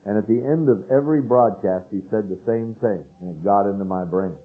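Older pastor preaching over tinny radio. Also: male voice, on the low side, brisk, hardly any pauses, warm tone. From California. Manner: earnest, emphatic preaching with scripture reading. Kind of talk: sermon. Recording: narrow phone-like radio broadcast sound.

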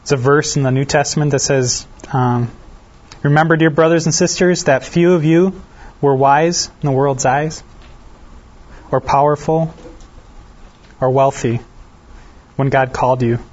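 A man leading a casual Bible study, reading scripture aloud and then explaining it in a relaxed, self-deprecating way while asking the group questions. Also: fairly high pitch, measured pace, pauses often. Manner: asks the listeners questions. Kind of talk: conversational Bible teaching. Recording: dull lo-fi recording.

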